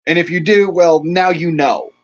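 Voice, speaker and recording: Over dull lo-fi stream audio, a middle-aged man with a fairly high voice rants at normal speed, cursing and agitated, shaken and angry, and stops to greet chat as host of his livestream.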